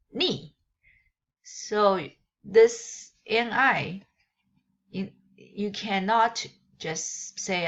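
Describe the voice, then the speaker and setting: A woman whose first language is Mandarin Chinese, teaching a lesson and explaining in halting phrases that she often corrects mid-sentence. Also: fairly low pitch. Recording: dull lo-fi recording.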